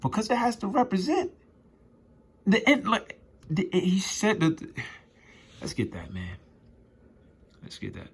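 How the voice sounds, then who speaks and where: Emphatic man preaching in rough slang. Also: high-pitched, huge pitch swings, unhurried, long pauses. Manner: reads scripture aloud then riffs on it. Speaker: street preacher. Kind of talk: informal scripture teaching.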